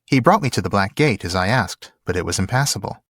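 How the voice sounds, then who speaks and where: A man's voice: on the low side, animated, quick pace, fairly bright tone, dry recording, clean studio sound. A man reading a novel aloud and voicing a polite, cautious young male traveler in a plain, careful way. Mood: earnest.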